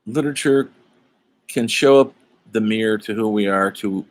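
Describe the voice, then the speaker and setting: A fairly low-pitched man speaks at normal speed while teaching a college humanities course online. Middle-aged and chatty, he lectures loosely, leaning on fillers and drifting into side stories and asides.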